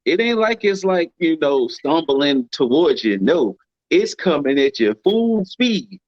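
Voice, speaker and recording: Lively, dry-voiced podcast man. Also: fairly high pitch, unhurried, no echo, dull audio. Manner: laid-back, swears freely. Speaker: podcast co-host. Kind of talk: casual chat.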